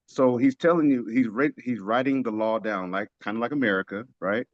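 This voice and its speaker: A man's voice: mid-range voice, fairly quick, dry recording, lo-fi sound. A man leading a casual religious study discussion, making his points emphatically and asking rhetorical questions. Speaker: teacher of a religious study group.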